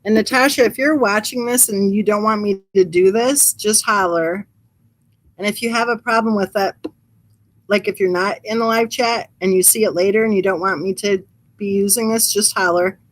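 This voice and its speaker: A woman talks loosely and chattily on a livestream, drifting from thought to thought with an amused tone. Her pitch sits in the middle for a woman, and she speaks through a computer mic. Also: normal speed. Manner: reads live chat aloud. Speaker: true crime channel host. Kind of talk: casual livestream chat.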